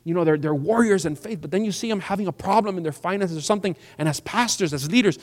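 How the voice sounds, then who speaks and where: A man pastor preaching a sermon in a church, animated and acting out the people in his story. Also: high voice, fast talker. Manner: animated, acts out quoted voices. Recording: long church hall reverb.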